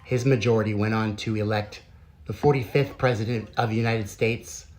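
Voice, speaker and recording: A man's voice: lowish voice, steady tone, normal speed, darkish tone. A man hosting political commentary in a mocking, ironic tone.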